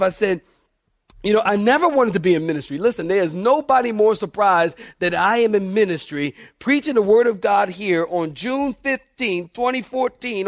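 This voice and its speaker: A man preaching a sermon in church, telling lively stories and acting out the voices of people in them. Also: high-pitched, no echo, clean studio sound. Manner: animated storyteller, acts out quoted voices. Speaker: pastor. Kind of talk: sermon storytelling.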